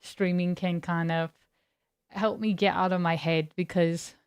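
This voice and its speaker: A woman's voice: on the low side, steady tone, a little slow, clean tone, dry recording, studio quality. A woman streamer chatting casually with her live viewers, laid-back and giggly, greeting people by name. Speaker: game streamer.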